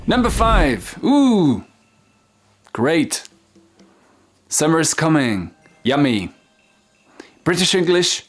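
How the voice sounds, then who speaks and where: Slow, animated male English teacher. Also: a little high, soft background music. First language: French. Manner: slow, exaggerated word-by-word modeling. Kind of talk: lesson for French speakers.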